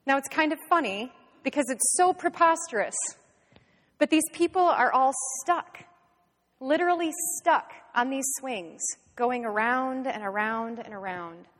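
A woman teacher giving an animated storytelling lesson in a reverberant room. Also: sits high, measured pace. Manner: lively animated retelling.

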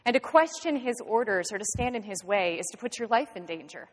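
A woman teacher giving an animated storytelling lesson in a reverberant room. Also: mid-range voice, a little fast. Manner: lively animated retelling.

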